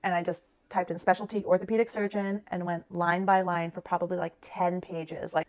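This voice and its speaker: Thirties woman, rapid chatty storyteller, heavy on fillers. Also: fairly low pitch, flat delivery. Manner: rapid, conversational, full of "like" fillers. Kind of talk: personal storytelling.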